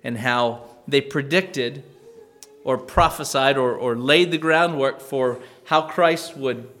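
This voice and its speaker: A man's voice: medium pitch, a bit bright. Conversational male pastor preaching. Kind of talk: sermon. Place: church.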